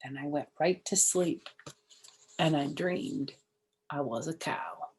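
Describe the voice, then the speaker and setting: A woman's voice: low voice, slow, a little mellow, slightly rough. An older woman reading a children's chapter book aloud, with chatty asides to her listeners. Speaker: storyteller.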